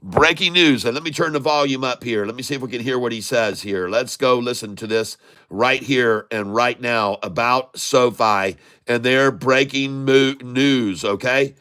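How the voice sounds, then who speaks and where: A man's voice: medium pitch, measured pace, pushed and bright, no room sound. A man hosting a casual live stock video, folksy and muttering to himself as he works his computer. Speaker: stock market video host.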